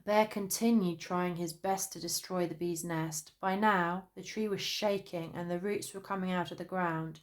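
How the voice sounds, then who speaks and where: A woman narrating a children's storybook in an expressive storytelling manner. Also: on the low side, a little slow.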